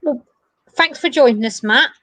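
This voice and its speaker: A woman host wrapping up with a guest in casual chat, halting and thankful. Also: high-pitched, fairly bright tone, no echo.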